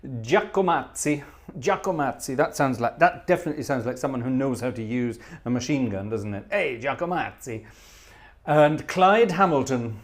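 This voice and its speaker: Playful lively-voiced male stream host. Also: mid-range voice, moderate pace. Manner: playful, teasing, hums tunes and reads out viewer names. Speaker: livestream host playing organ. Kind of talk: chatty live-stream banter.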